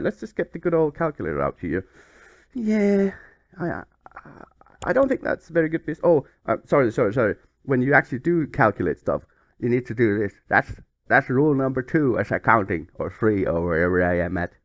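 A man's voice: medium pitch, big pitch swings, moderate pace, no echo. A man hosting a comedic game playthrough, playful and mock-flustered as he rambles along. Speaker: YouTube gaming host.

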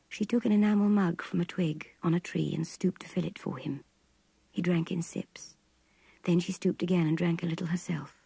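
Husky older woman, hushed novel reading. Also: on the low side, fairly even intonation, moderate pace, dry recording. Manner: intimate, breathy half-whisper narration. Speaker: narrator. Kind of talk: audiobook reading of a classic novel.

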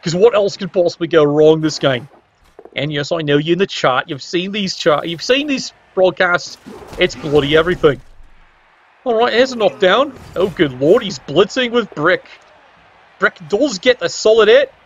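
A man's voice: sits high, expressive, moderate pace, dull audio, slight background noise. A man doing casual, wry play-by-play commentary on a game stream, teasing the players with exclamations.

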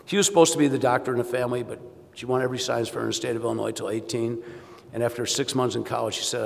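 Wry man with a gravelly voice in a hall. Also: medium pitch, steady tone, fast. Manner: wry, self-deprecating storytelling. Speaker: orthopedic surgeon giving keynote. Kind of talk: anecdotal keynote speech. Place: conference hall. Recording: long hall reverb.

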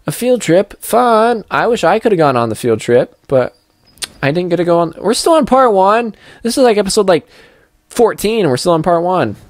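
A man's voice: high voice, sing-song, normal speed, no echo, studio quality. A young man giving casual let's-play commentary as he plays, chatty and goofy with playful sing-song asides. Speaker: gameplay commentator.

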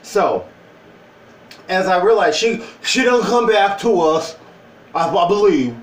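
A man's voice: high voice, lively intonation, takes it slowly, roomy sound, distant mic, rough recording. A man talking casually in a joking opinion vlog, with playful asides and put-on voices. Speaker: vlogger.

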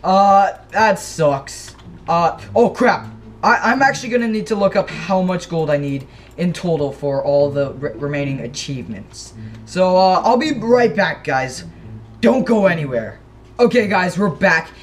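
A young man giving casual, excitable commentary over his own gameplay, gasping and yelping when startled. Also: high-pitched, a little slow, a little hiss or hum. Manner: jumpy, excitable, yelps and gasps when startled. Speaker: gaming channel host.

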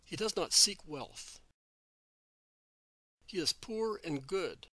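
A man voicing a gentle, devout male apostle in a storybook reading, patient and explaining. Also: high-pitched, lively intonation, slow, no echo, exaggerated voice. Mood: earnest.

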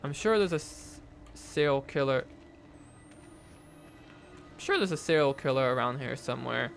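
A man's voice: mid-range voice, expressive, moderate pace, vocal fry, a bit bright, soft background music. A young man commentating a horror game, nervous and jumpy, talking to viewers with lots of fillers and frightened exclamations. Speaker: gaming YouTuber. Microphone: desk mic with face cam.

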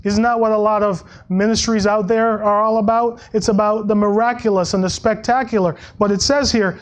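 A male pastor preaching a sermon in a conversational way, with frequent restarts and soft laughs, and dropping his voice when he quotes scripture. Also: flat delivery, a little fast, few pauses. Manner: acts out Bible quotes in a lower voice.

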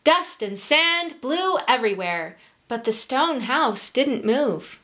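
Slow gentle woman reading a picture book. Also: sits high, big pitch swings. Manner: gentle, with hushed whispered asides. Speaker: storyteller for children.

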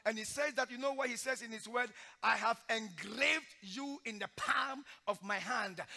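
A male pastor preaching a sermon in church, swinging from loud, forceful exhortation to hushed, emotional storytelling. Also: very high-pitched, vocal fry. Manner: sings hymn lines slowly during the sermon.

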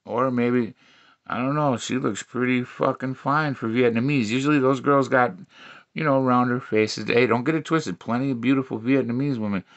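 A man's voice: mid-range voice, dull audio. A man in his forties from Milwaukee, riffing crudely and mockingly on dating profiles. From Milwaukee, USA. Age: 40s. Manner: profane, mocking, quick asides. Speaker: comedy vlogger.

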